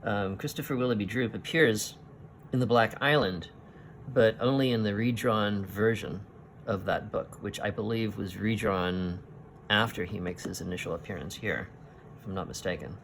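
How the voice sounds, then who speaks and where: A man's voice: fairly low pitch, steady tone, moderate pace, creaky, a bit bright, slight background noise. A man hosting a casual comic read-through, musing and hesitant as he comments. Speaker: podcast host reading comics.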